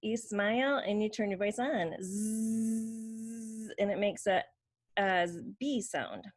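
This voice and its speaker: A woman's voice: medium pitch, animated, a little slow. A woman teaching how to make speech sounds, explaining patiently and demonstrating each sound. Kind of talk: slow instructional demonstration.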